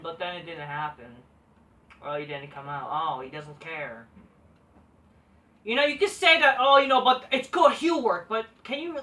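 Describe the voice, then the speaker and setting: A woman's voice: a little high, sharp tone, distant mic. A woman reviewing a wrestling show in a profane, sarcastic rant, full of "like" and restarts.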